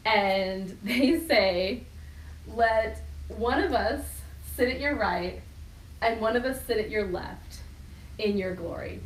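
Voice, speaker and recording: A middle-aged woman pastor preaching a sermon, animated and laughing as she acts out quoted voices. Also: on the high side, far from the mic, slight background noise. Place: church hall. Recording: echoey room from off mic.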